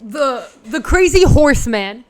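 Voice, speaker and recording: A woman runs a tabletop game for a stream, narrating in a somewhat high voice. She talks slowly and rambles with many fillers. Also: expressive, a little hiss or hum. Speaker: game master.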